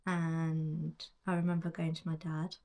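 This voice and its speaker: A woman in her forties reflects in soft whispered narration. She speaks slowly, in a fairly low, mellow voice. Her words often trail off into near-whispers. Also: flat delivery, creaky. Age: 40s. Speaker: colouring book author.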